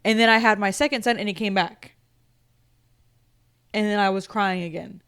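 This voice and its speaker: A woman in her thirties co-hosting a book club podcast, talking in a chatty, animated way with lots of fillers. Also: mid-range voice, moderate pace, clear, resonant tone. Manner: chatty, says like often, animated storytelling. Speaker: podcast co-host. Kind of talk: casual chat.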